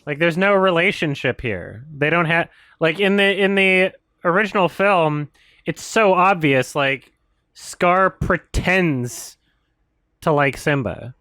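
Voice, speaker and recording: A man's voice: a little high, slow, sharp tone, smooth, dry recording, studio quality. A male commentator giving a casual, profane and sarcastic critique of a film, sounding exasperated. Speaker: video commentator.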